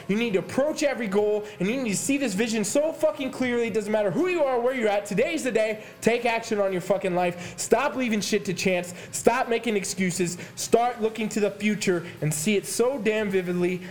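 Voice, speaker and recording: Fired-up swearing male fitness coach. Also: high voice. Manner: fired-up, swearing, hammering repetition. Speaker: health and fitness coach, podcast host. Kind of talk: intense motivational podcast monologue.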